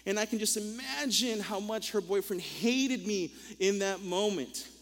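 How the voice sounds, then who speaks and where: A man's voice: high-pitched, unhurried, a bit bright, in a large hall. A young man preaching a sermon, telling a funny story in a playful, self-mocking way and often stumbling over repeated words. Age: young adult.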